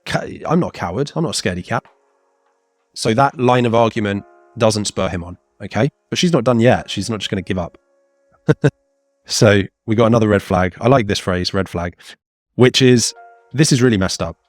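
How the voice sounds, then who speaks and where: A man in his thirties with a lowish voice leads a casual exam revision lesson. He sounds chatty and animated and keeps putting on playful voices to act out the quotes. Faint music plays softly underneath. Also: normal speed, dry recording. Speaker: teacher.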